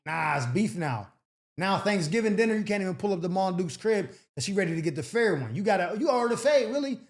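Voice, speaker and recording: A young man with a high voice hosts an advice show, speaking fast as he reads letters and riffs on them in slangy, animated, casual talk. He often acts out the people he quotes.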